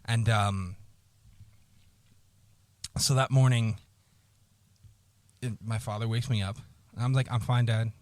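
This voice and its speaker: A man on a podcast telling a painful personal story, halting, repeating words and swearing often, close to tears. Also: fairly low pitch, steady tone, darkish tone, dry recording. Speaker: podcast co-host.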